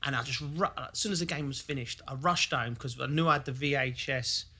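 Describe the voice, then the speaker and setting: A man's voice: mid-range voice, a little fast, pushed and bright, husky. A man in his thirties from England telling a story in an eager, chatty way on a podcast. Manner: eager, chatty, lots of "yeah". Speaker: host. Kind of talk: casual chat.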